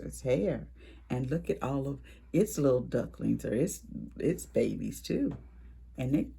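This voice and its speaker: A woman reading a picture book aloud at a library storytime for preschoolers, animated, with gasps and whispered asides to the children. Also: very deep voice, creaky, breathy edge.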